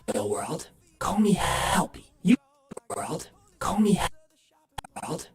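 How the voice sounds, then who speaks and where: A woman voicing a glitchy male helper robot, eerily eager to help, in a breathy, broken game voice. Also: medium pitch, sing-song, slow pace, darkish tone, echoey room, faint music behind. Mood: eerie. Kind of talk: repeated game voice clip.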